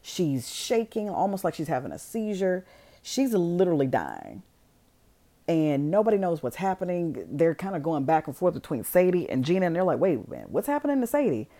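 Low-voiced woman animatedly retelling a story. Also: moderate pace. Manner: animated, swears freely, acts out quotes. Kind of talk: casual storytelling.

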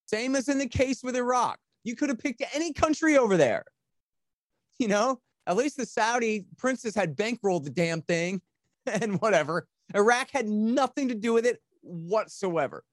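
A man rants in impassioned, sarcastic commentary, slipping into mocking voices. His voice sits a little high for a man. The recording is dry and close, with no room sound. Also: animated, normal speed, no echo. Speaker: podcast guest. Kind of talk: heated political commentary.

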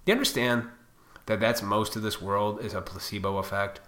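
Guy ranting on his podcast, bright edgy voice, swears a lot, fired up and combative. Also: on the low side, fairly even intonation, moderate pace. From Illinois. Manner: profane, combative rant with mocking voices. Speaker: podcast host.

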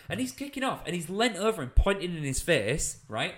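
A man's voice: fairly high pitch, sing-song, a little fast, hardly any pauses. A young British man, a comedian, telling a funny anecdote in casual chat, laughing as he goes. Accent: British English. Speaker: comedian guest.

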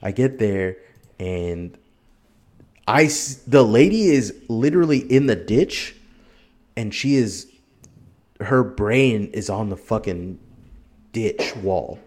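A man's voice: fairly low pitch, expressive, slow, pauses often, a little mellow. A man telling a long story on a casual podcast, rambling and swearing freely, laughing as he goes. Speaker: podcast guest.

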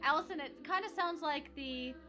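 High-voiced upbeat woman host. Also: normal speed. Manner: upbeat, leads the conversation. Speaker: podcast host. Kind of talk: casual chat with guided narration.

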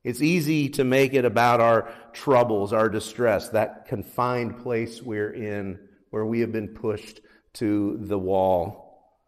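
A man preaching a sermon as pastor, earnest, lifting his voice when he reads scripture. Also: slow pace. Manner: earnest, rises in pitch and force on scripture readings. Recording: long hall reverb.

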